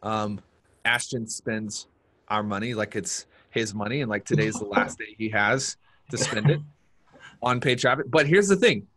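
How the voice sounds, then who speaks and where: Energetic man presenting a marketing seminar. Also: fairly low pitch, unhurried. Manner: energetic, repeats key points for emphasis. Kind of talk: live-streamed business seminar talk.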